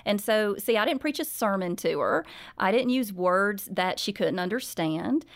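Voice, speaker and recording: A middle-aged woman speaks as a parenting author in an interview. Her voice sits in a middle pitch, and her manner is earnest and gently instructive. She tells stories from her home life with sincere warmth. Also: lively intonation, normal speed, vocal fry. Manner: warm, sincere, faith-based parenting advice.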